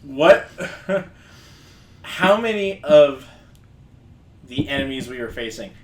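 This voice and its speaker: A man's voice: medium pitch, expressive, roomy sound, rough recording. A man who was a player in the campaign, chatting casually and giggling often. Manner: giggly, slow and drawn out. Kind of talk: casual podcast chat about a tabletop campaign.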